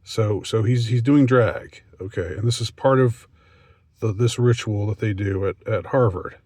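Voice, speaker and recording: A man reading a news story aloud and commenting on it, halting with many restarts and mocking asides. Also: lowish voice, a little mellow, no room sound, clean studio sound.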